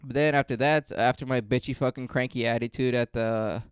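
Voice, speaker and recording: A man hosting a podcast, telling stories in a rambling, profane, deadpan way on a close mic. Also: medium pitch, a little fast, smooth, dry recording. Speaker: podcast host. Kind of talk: casual storytelling.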